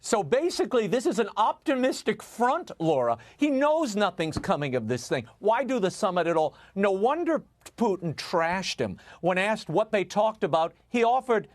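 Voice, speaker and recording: A man's voice: sits high, sing-song, normal speed. A man giving sarcastic, opinionated political commentary on a TV show. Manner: sarcastic, mocking.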